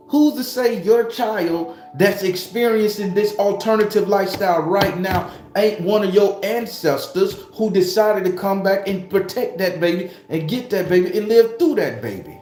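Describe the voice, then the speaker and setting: A spiritual YouTuber, a man, preaching to camera with a raised, swooping voice. He swears freely and hammers his point with rhetorical question after question. The room is echoey, with soft music underneath. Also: sits high, expressive, normal speed, few pauses. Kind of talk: impassioned spiritual talk to camera.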